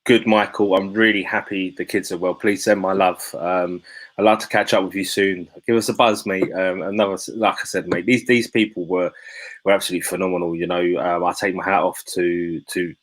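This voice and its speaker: A man's voice: sits low, little pitch movement, fairly quick, no room sound, low-quality recording. A man hosting a live chat, talking in an emotional, slangy way with many restarts. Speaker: host.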